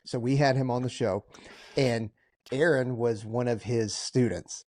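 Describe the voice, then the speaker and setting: A man's voice: mid-range voice, steady tone, a little slow, a little mellow, no room sound, clean studio sound. A man co-hosting a podcast, chatting in an easygoing, conversational way. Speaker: podcast co-host. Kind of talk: casual chat.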